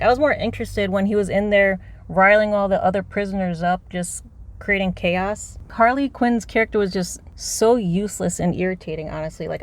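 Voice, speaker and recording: A woman ranting about a movie from inside her car, exasperated and profane, rambling from point to point. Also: mid-range voice. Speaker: movie reviewer. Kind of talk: unscripted rant.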